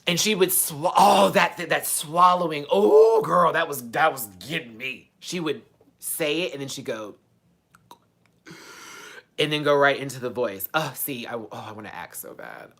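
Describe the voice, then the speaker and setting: A woman hosting a live stream in a casual, chatty way, answering her viewers and swinging between excited outbursts and low mutters. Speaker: livestream host.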